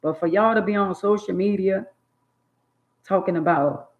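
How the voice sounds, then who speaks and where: An older woman, scolding in a blunt, preachy monologue on her channel. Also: medium pitch. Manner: drawn-out emphatic words. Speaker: channel host. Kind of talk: opinionated monologue. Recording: dull lo-fi phone audio.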